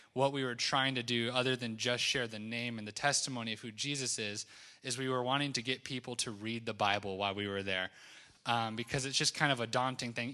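Young man, very bright edgy voice, rambling casual testimony, full of fillers. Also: medium pitch. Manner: rambling, filler-heavy, laughs at his own story. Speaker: speaker sharing a mission-trip testimony.

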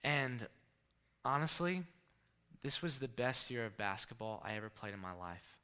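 Male preacher, young adult, bright voice, lively storyteller who acts out quotes. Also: mid-range voice, normal speed, clean tone. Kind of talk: sermon storytelling.

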